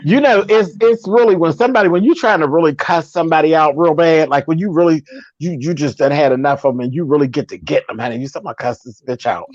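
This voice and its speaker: A woman's voice: sits low, fast talker, a little mellow, no echo. Sassy, profane woman gossiping. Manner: sassy, profane, laughing often. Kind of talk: casual gossip chat. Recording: dull lo-fi sound.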